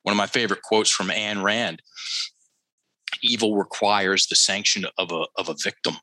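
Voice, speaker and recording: A man's voice: on the low side, normal speed, bright, forceful tone, no room sound, low-quality recording. A man telling a story as a podcast guest, emphatic and teacherly, repeating key phrases for effect and speaking straight to the listeners. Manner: addresses listeners directly, teacherly. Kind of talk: conversational storytelling.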